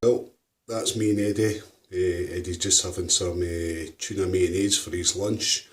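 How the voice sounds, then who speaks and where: A man's voice: low voice, steady tone, a little slow. A man casually talking to a rescued seagull in a home video, affectionately calling it mate and buddy. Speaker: vlogger caring for a rescued seagull.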